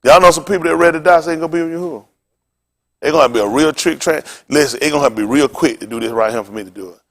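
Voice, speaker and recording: A male pastor preaching a sermon in animated, informal street talk, throwing questions back to the congregation. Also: fairly high pitch, rapid-fire.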